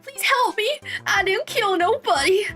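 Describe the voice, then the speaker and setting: A woman's voice: extremely high pitch, lively intonation, pushed and bright, soft background music, voice pushed up, exaggerated voice. A woman voicing a vain, flamboyant male circus magician who slips into a country twang, read aloud from a visual novel. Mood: pleading. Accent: Southern US country, put on. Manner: theatrical, drawn-out flourishes, slips into a country twang.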